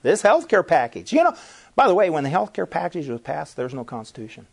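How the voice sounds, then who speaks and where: A man's voice: a little high, wildly swooping pitch, a little fast, gravelly, husky. A man preaching an emphatic sermon-style talk, firing rhetorical questions and repeating phrases as he presses each point.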